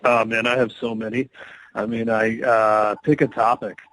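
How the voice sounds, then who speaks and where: A man who is an actor guest on a podcast, telling stories in a relaxed, casual way and often laughing. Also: medium pitch, normal speed, rough recording. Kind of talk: casual interview storytelling.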